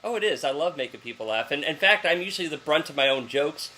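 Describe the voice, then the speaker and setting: A man's voice: a little high, expressive, fast talker, sharp tone. A man interviewing a guest in casual chat, joking and laughing often. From German heritage. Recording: faint hiss behind the voice.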